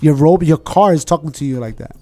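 A man in casual chat, animated and quick to slip into impressions. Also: on the high side, no room sound, soft background music.

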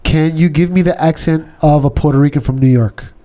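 A man's voice: fairly high pitch, a little fast, mellow. A man hosting a casual podcast, playful and curious, laughing as he tests an AI assistant. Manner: playful, testing, laughs often. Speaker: podcast host.

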